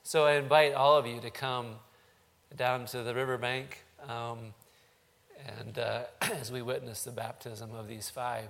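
Gravelly-voiced pastor leading a service. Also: male voice, medium pitch, flat delivery, a bit bright. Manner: halting, with frequent ums. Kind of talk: church service address and prayer.

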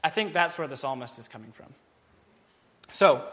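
A man giving a Bible teaching, explaining a psalm in a casual, animated way and acting out its feelings. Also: on the high side, normal speed, pauses often.

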